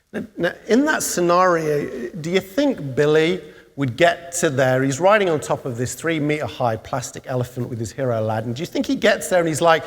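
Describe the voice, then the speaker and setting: High-voiced male preacher in an echoing hall. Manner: animated storytelling, rising to excited peaks. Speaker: pastor. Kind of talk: sermon. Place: church.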